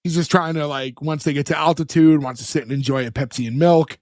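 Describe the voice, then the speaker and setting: A man's voice: on the high side, fast talker, no room sound, clean studio sound. A man co-hosting a podcast, animatedly retelling a sitcom episode and laughing often. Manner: animated storyteller, acts out quotes, laughs often. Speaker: podcast co-host. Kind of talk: casual chat recapping a sitcom episode.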